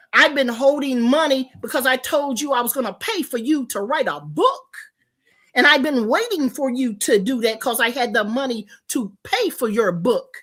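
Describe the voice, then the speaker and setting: A woman's voice: a little high, a bit bright. An older woman streamer in a profane, confrontational livestream rant.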